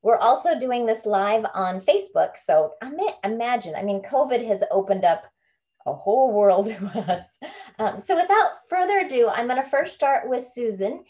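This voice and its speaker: A woman's voice: a little high, lively intonation, moderate pace, a little mellow. Bubbly woman leading an online club. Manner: bubbly, chatty, laughs often. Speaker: book club leader and home coach. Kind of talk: casual online group talk. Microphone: video call.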